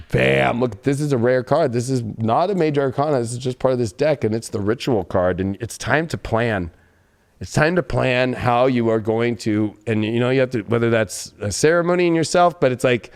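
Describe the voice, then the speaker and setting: A man hosting a tarot reading in a casual, excitable and profane way. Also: medium pitch, creaky. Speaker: tarot reader host.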